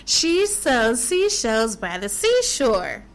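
A woman's voice: on the high side, sing-song, slow, soft background music. A woman hosting a children's radio show, chatting playfully with kids on air and laughing at her own slips.

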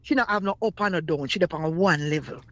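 A man's voice: high voice, fast talker, a bit bright, dry recording. A man with a Jamaican accent co-hosting morning radio, speaking heartfelt in patois.

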